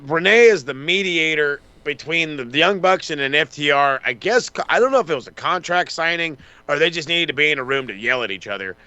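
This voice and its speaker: A man chats through a wrestling recap on a podcast, profane and excitable. He drops into short mocking impressions of wrestlers. His voice is bright and punchy, sitting a little high, and the sound is dry and close to the mic. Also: fairly quick, hardly any pauses, clean tone, no echo. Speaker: podcast co-host. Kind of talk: casual wrestling recap chat.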